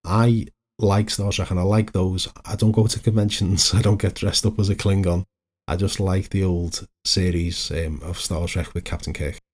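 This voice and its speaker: A man's voice: deep voice, steady tone, normal speed, a little mellow. A middle-aged man, hosting a solo motivational podcast in a chatty, anecdotal way that wanders into side stories. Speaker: podcast host, life coach.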